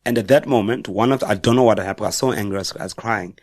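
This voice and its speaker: The audio is close-miked and dry, with no echo and little room reflection, as a middle-aged South African man speaks fairly low. A guest author on a podcast, he tells personal stories in a reflective, hesitant way, often revising himself partway through sentences.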